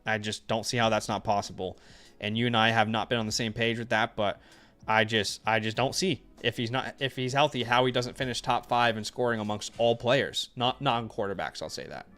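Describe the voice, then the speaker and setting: A man talks in a loose, conversational way, drifting between laid-back musing and firm opinions. His voice sits at an ordinary pitch. Faint music plays underneath. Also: a little fast. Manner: relaxed, laughs easily, emphatic opinions. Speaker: co-host of a fantasy football stream. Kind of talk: casual live-stream chat.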